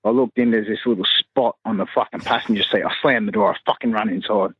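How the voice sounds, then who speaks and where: A man with a crude, sweary way of telling a story, doing quick voices for the people in it. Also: on the low side, fairly even intonation, slightly rough, no echo, highs cut off.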